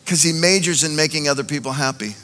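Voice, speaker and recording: A male pastor preaching a sermon, animated, swinging between loud exhortation and quiet, intimate moments. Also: fairly high pitch, fast talker. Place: large church auditorium. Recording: music faintly under a long hall reverb.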